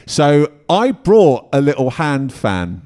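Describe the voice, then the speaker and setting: Man, podcast host, casual chat, playful storyteller, lively swooping pitch. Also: takes it slowly. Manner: jokey, lively storyteller who swears casually.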